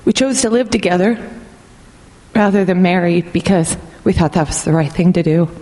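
A woman's voice: lowish voice, dark tone. Middle-aged woman, personal testimony, earnest and reflective, long reverb trailing her words. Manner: earnest, reflective, slow and deliberate. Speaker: speaker sharing a personal testimony.

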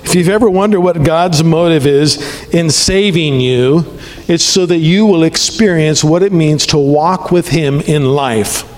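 A male pastor preaching in a relaxed, conversational way who keeps checking in with the congregation. His voice sits slightly high. A long hall echo trails his words around the church. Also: unhurried. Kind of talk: sermon.

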